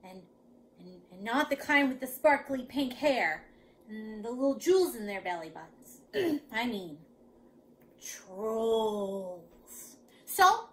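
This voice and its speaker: Animated woman reading to children. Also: sits high. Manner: animated, dramatic. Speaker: children's storyteller. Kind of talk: reading a picture book aloud to children.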